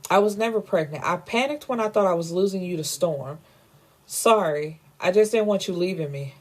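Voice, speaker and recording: A woman's voice: fairly low pitch, moderate pace, close to an everyday voice. A woman voicing a spoiled wife who pleads and defends herself while recapping a story. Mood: pleading.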